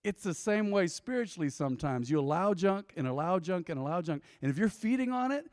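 A man's voice: sits high, lively intonation, fairly quick, a little mellow, no echo, clean studio sound, big-room sound. A man preaching a sermon to a congregation in a folksy, conversational way, often slipping into quoted asides. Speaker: pastor. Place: church sanctuary.

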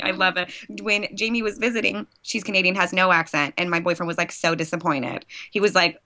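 A woman co-hosting a podcast, excitable and giggly, with lots of filler words. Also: fairly low pitch, brisk, hardly any pauses. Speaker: podcast co-host. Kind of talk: casual podcast chat.

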